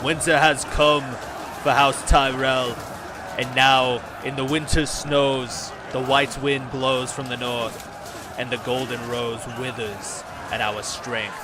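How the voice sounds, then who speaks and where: A man putting on a northern accent to voice a gruff northern lord rallying his men in a siege. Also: medium pitch, little pitch movement, slow, over loud music, natural voice. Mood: triumphant. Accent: put-on northern English. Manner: rousing battlefield commands.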